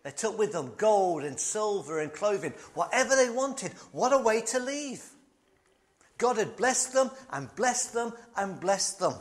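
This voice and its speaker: A man preaching a sermon, emphatic and conversational, fond of repetition and light asides. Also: high voice.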